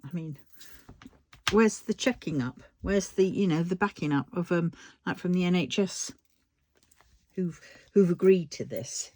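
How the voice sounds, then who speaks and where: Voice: measured pace, long pauses, no echo. A vlogger with a British accent, talking casually while diamond painting and ranting heatedly with frequent swearing. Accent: British English. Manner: lively rising and falling pitch when worked up. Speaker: crafting vlogger.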